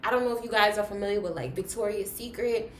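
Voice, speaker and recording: Animated young woman telling a story. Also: mid-range voice, quick pace, slight background noise. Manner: animated, dramatic retelling with big swings in loudness. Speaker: vlogger. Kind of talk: casual storytime. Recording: roomy echo.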